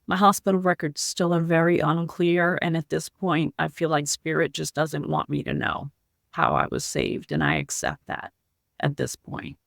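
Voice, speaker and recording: A woman guest on a podcast, telling her personal story in an earnest, heartfelt way, in slow, halting phrases. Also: low-pitched, animated, creaky, fairly bright tone, no room sound, studio quality. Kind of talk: personal story told in an interview.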